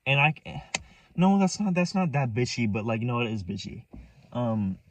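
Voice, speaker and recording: A man's voice: medium pitch, very animated, normal speed, distant mic, a little hiss or hum. A young man rambling through a story from his own life, restarting and repeating himself, set back from the mic. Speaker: vlogger. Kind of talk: casual storytelling.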